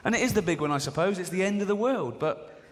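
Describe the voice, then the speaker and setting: On a big theatre stage, a forties-aged comedian from England delivers profane jokes and impersonates characters with mock voices. He sounds high-sitting, expressive and quick; the live stage-mic recording carries long hall reverb, with the audience laughing.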